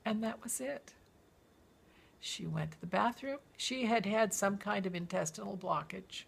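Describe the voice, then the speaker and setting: A woman's voice: medium pitch, a little slow, gravelly, husky. A woman telling a story from her own memoir, acting out the people in it and breaking into song now and then. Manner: lively storytelling, acts out quoted voices and breaks into song. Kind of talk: reading a personal memoir aloud.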